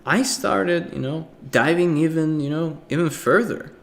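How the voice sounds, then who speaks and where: A man's voice: fairly high pitch, a little slow, gravelly. A young man giving a casual art lecture, talking loosely with many fillers and breaking into acted voices and sound effects.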